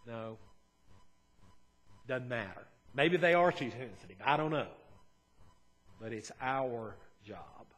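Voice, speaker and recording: A man preaching a sermon as a pastor, talking in an earnest, conversational way and moving between quiet and emphatic moments. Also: mid-range voice, expressive, a little slow.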